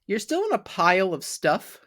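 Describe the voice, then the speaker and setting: A woman's voice: medium pitch, wildly swooping pitch, moderate pace, a bit bright. A woman narrating as game master of a tabletop game, casual and giggly.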